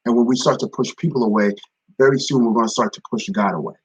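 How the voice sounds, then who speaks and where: A man's voice: mid-range voice, quick pace, breathy edge, dry recording, low-quality recording. A man giving a casual spoken devotional, repeating phrases and greeting viewers by name. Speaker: ministry speaker. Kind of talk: live-streamed devotional talk.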